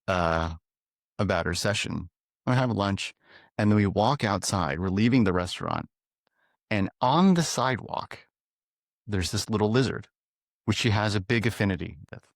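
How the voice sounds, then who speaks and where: A man from the US East Coast, a guest animal communicator telling stories in a casual interview with an animated, chuckling manner. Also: on the low side, no echo, studio quality.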